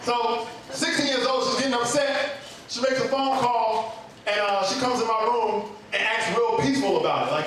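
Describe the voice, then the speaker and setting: A man telling a comedic personal story at an open mic, in an animated, conversational way with comic asides. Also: sits high, normal speed. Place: live open mic venue. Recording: echoey room from far off, noisy.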